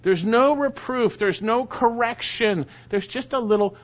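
Man preaching, dull lo-fi sound. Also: very high-pitched. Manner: reads scripture slowly, then explains in plain casual asides. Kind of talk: expository sermon.

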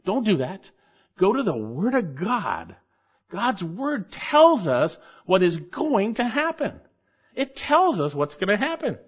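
Brief: male pastor, somewhat high voice, emphatic verse-by-verse preaching, dull lo-fi recording. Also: slightly rough. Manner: emphatic, repeats key phrases for stress. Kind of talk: expository sermon.

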